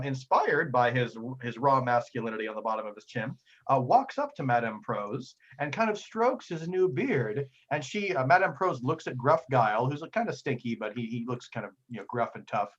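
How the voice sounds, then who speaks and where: A man's voice: medium pitch, fairly bright tone, highs cut off. A man narrating a tabletop role-playing game as game master, telling the story playfully. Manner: playful storytelling, slipping into character voices.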